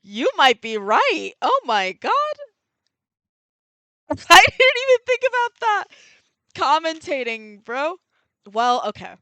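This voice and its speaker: A woman's voice: high-pitched, sing-song, slow, pauses often, bright, forceful tone, dry recording. Chatty giggly young woman streamer. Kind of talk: casual game stream chat.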